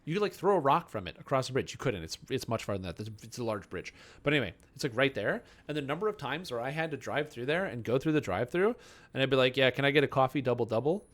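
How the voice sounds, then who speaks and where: A man's voice: medium pitch, sing-song, fast talker. Joking man streaming a game. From Canada. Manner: joking, rambling, self-mocking. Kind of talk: casual live-stream chat, answering chat.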